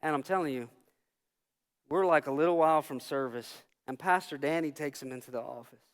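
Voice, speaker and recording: A male pastor preaching a sermon, telling a personal story and swinging from hushed, quiet lines to shouted ones. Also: on the high side, fairly quick. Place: church sanctuary. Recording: long church hall reverb.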